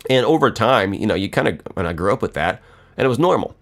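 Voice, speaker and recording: A middle-aged man talks in a loose, rambling monologue, joking and swearing freely. His voice sits low but swings widely in pitch. He tells stories the way a podcast host chats. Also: big pitch swings, fast. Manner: profane, joking storyteller.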